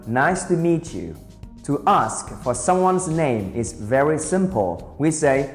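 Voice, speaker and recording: A man teaching beginner English, speaking slowly and carefully and repeating each phrase for drilling. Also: medium pitch, lively intonation. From Vietnam. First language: Vietnamese. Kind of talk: beginner language lesson. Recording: roomy reverberant sound with soft guitar music.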